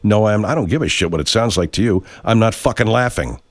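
A man's voice: fairly low pitch, lively intonation, quick pace. An actor playing a stuffed-up, profane voice-over performer who argues, stammers and keeps insisting he isn't laughing, in a comic radio bit. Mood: defensive. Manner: argumentative, stammering restarts, profane. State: stuffed-up nose. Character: defensive middle-aged man recording voice-over, insisting he isn't laughing. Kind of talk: comic radio character acting.

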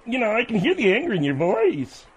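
A man's voice: very high voice, huge pitch swings, brisk, husky, voice pushed up, heavily acted, rough recording. A man voicing a fawning studio sidekick who eagerly sides with the caller.

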